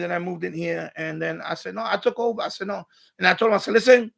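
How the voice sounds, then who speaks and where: Profane high-voiced New man ranting. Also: vocal fry, a bit bright. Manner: blunt, profane, heated storytelling. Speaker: livestream host. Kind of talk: casual ranting monologue.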